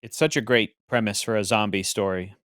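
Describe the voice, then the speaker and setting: A man's voice: on the low side, fairly even intonation, brisk. A man co-hosting a movie reaction, chatting casually and joking, with film sound behind. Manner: jokey, puts on mock British voices.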